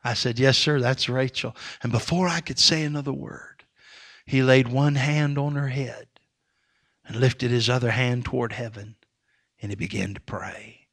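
Forceful man preaching with fiery swings. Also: mid-range voice, fairly even intonation, moderate pace, breathy edge. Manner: impassioned preaching that swings between shouts and hushed tones. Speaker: Baptist preacher. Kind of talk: sermon.

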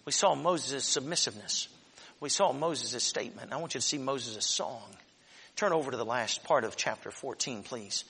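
A man preaching a sermon, acting out scripture and swinging from loud shouts to soft whispers. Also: mid-range voice, lively intonation, normal speed, gravelly, slightly rough, long reverb tail. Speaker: pastor.

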